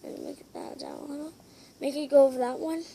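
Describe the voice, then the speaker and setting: A woman's voice: high voice, huge pitch swings, quick pace, mellow, a little hiss or hum, poor audio. A woman giving a casual, rambling step-by-step craft tutorial, with hesitant instructions and muttered, whispered asides. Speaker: tutorial maker.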